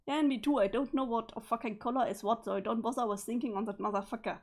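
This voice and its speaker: A woman's voice: a little high, steady tone, quick pace, darkish tone. A woman voicing a stiff, sweaty, formal male alien troll, in a pompous and stilted manner.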